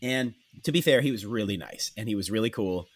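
A Canadian man chatting casually as a podcast co-host, telling animated stories with swearing and acted-out voices. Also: fairly low pitch, fairly quick. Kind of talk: casual chat.

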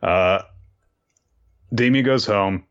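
Deep-voiced man rambling through a recap. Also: takes it slowly, muffled recording. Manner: loose, rambling, with many fillers and crude asides. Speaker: podcast host recapping a manga. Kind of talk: casual recap chat.

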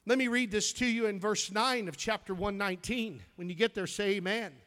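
A man preaches with an emphatic, high voice, stumbling and restarting as he finds his verses. The church around him leaves a long reverb on every word. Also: fairly bright tone. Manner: emphatic, reads scripture aloud with halting restarts. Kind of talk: sermon.

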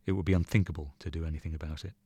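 A man reading a short story aloud in measured, even narration. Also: rumbling low, slightly rough, dry recording. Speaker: reader.

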